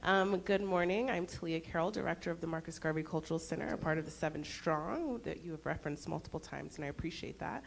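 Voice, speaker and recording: A woman in the audience with a rough, sick voice asking a friendly question. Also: low voice, fast, few pauses, slight background noise. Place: event hall audience.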